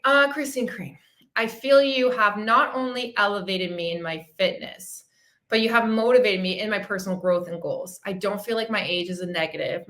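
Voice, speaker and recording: A woman's voice: medium pitch, sharp tone. A woman fitness coach hosting a casual livestream chat, effusive and emotional, laughing often and swearing freely. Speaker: fitness coach and podcast host.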